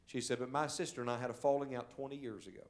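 A male evangelist preaching a sermon in a church service, telling stories and swinging from loud, urgent calls to quiet, hushed moments. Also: mid-range voice, steady tone, rapid-fire. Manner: storytelling preacher, swells loud then drops to a hush.

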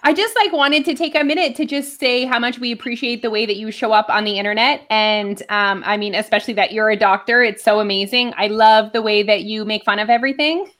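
Giggly woman cohost fangirling a guest, highish voice, lots of likes and ums. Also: steady tone, brisk, hardly any pauses, a bit bright. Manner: gushing, giggly, lots of fillers. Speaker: podcast co-host. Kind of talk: casual podcast interview.

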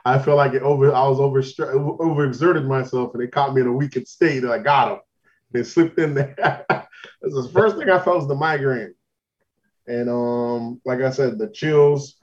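A man's voice: medium pitch, a little mellow. Laid-back man telling a story, lo-fi sound. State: recovering from illness, lingering symptoms. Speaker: podcast co-host. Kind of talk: casual podcast chat.

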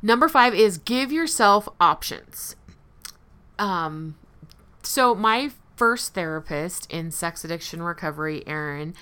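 A woman with a slightly low, smooth and resonant voice speaks candidly to her listeners about recovery. She keeps it conversational and laughs lightly at herself now and then. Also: expressive, slow pace, bright, forceful tone. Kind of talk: personal recovery talk to listeners.

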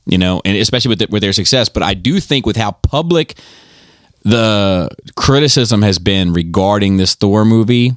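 A man's voice: lowish voice, expressive, moderate pace, no echo, studio quality. A man in casual podcast chat, rambling and profane, who tells stories with animation.

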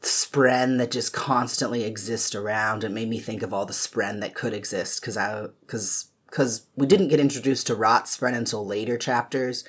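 A podcast co-host with a husky, breathy voice at a medium pitch. They ramble and hesitate as they share thoughts in a casual book discussion. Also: a bit bright. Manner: rambling, hesitant, self-deprecating.

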